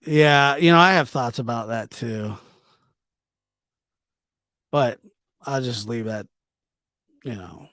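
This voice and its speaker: A man's voice: medium pitch, slow pace, pauses often, fairly bright tone, no room sound, studio quality. A man hosting a live talk show, chatting casually and poking fun at himself. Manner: joking, self-deprecating.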